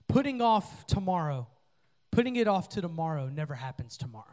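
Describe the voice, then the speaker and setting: A young man preaching to a youth group, playful and joking with the crowd, then rising to energetic calls for response. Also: on the high side, normal speed. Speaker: youth pastor. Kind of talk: sermon.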